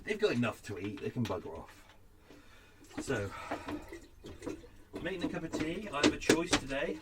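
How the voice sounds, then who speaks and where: A man's voice: medium pitch, background noise. A man chatting casually and unscripted as a podcast host, tired and a little out of breath, talking from his boat. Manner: rambling, chatty, self-deprecating.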